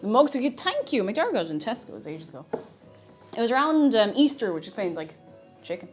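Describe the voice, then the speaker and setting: A woman's voice: fairly high pitch, very animated, fairly quick, breathy edge, soft background music. A woman with an Irish accent chatting casually on a live stream while cooking, reading chat aloud and laughing often. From Ireland.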